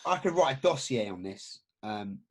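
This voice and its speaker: A man from England co-hosting a casual podcast, animated and jokey. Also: on the low side. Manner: animated, jokey, quick to laugh. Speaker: podcast co-host. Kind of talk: casual chat.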